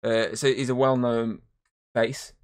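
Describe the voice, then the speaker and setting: A man in casual podcast conversation about films, talking at an easy middle pitch. He rambles and retells scenes with lots of swearing. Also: level tone, takes it slowly. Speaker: podcast host. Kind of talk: casual movie review chat.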